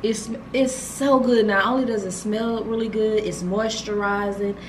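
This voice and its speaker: A woman's voice: mid-range voice, fairly even intonation, unhurried, a little hiss or hum. A woman, chatting casually and gushing to viewers as she unboxes gifts for her vlog, filmed on a handheld camera. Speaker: vlogger.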